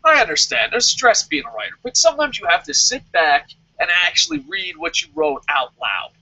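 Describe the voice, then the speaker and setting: A man with a high, bright, forceful voice rants through a wrestling review, sarcastic and full of swearing. The audio is dull and lo-fi. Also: brisk, gravelly, husky. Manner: sarcastic, swears a lot, animated. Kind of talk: casual profane review rant.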